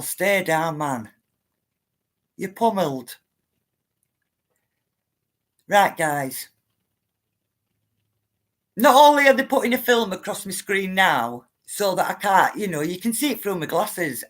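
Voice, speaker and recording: A woman's voice: lowish voice, fairly bright tone. A woman, chatting live to viewers, greeting them by name and ranting now and then. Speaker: livestream host. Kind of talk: casual livestream chat.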